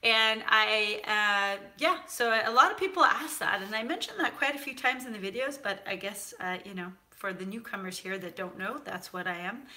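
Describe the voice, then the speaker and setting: Lady hosting a cooking live chat, reads comments, chatty with lots of ums, really sharp bright tone. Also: medium pitch, moderate pace, hardly any pauses. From United States (San Francisco). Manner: chatty and animated, with many fillers. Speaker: cooking show host. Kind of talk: casual live chat reading viewer comments.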